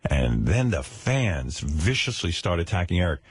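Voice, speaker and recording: A man's voice: deep voice, sing-song, normal speed, slightly rough, dry recording. A middle-aged man hosting a radio talk show, wry and teasing in his banter. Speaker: host.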